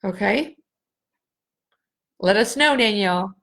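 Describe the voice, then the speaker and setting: A middle-aged woman hosting a live spiritual healing session, speaking slowly and earnestly and repeating phrases for emphasis. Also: mid-range voice, animated, a bit bright. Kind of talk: live energy-healing reading for viewers.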